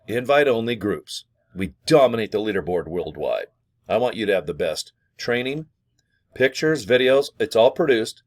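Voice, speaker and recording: Man, casual rambling vlog talk, playful jokes, pushy sales pitch, small home studio. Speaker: vlogger promoting an affiliate program.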